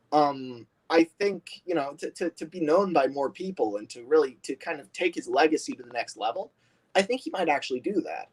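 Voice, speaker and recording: Male stream host, upbeat and chatty, somewhat high voice with big pitch swings, frequent laughter. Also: husky, poor audio. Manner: animated, laughs often, many fillers. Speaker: livestream host. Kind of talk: casual livestream chat.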